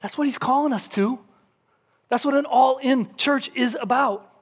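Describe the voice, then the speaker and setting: A man with a high-pitched voice preaches to his congregation. He reads scripture aloud and drives his points home with emphatic repetition. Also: moderate pace, breathy edge. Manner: emphatic preaching, acts out a crying baby with shouts. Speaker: pastor. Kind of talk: sermon.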